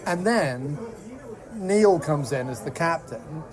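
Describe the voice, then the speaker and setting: A man's voice: fairly high pitch, expressive, slow. A man co-hosting a casual film-review podcast, rambling and incredulous with frequent restarts. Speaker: podcast co-host.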